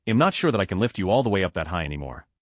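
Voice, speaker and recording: Low guy reading reddit-style stories quick, lively pitch, dry close sound. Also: dry recording. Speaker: narrator. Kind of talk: scripted narration of online stories.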